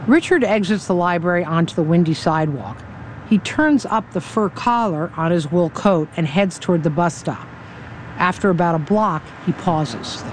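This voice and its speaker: A woman reporter narrating a news story in a measured, even, scripted delivery. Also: on the low side, a little hiss or hum. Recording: dry close studio voice-over.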